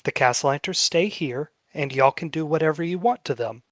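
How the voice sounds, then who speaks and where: Male game master, higher-pitched, casual and profane, dry close sound. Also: no room sound. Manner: casual, swears freely, slows for dramatic narration. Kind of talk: narrating a tabletop game.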